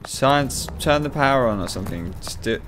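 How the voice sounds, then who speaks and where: A man's voice: mid-range voice, lively intonation, moderate pace, over music. Sweary guy commentating a game, sarcastic, fed up. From United Kingdom. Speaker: let's play gamer. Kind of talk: gameplay commentary.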